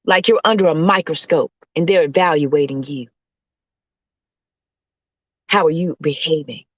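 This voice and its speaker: A woman host preaching as a self-described coach preacher, emphatic and hollering, her voice swinging high and low. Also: unhurried, dry recording, lo-fi sound.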